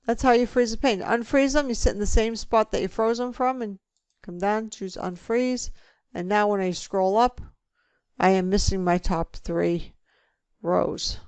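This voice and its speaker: A woman teaching a spreadsheet lesson, talking through each click step by step in a relaxed way. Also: medium pitch, a little slow, clean tone, dry recording. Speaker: instructor. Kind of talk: screen-recorded software tutorial.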